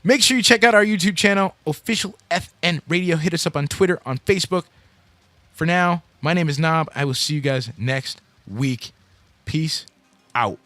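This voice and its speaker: A man's voice: a little high, normal speed, pushed and bright, dry recording. Fields: Sex: man. Role: internet radio host. Style: casual sign-off and promos. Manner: profane, rambling, hyped.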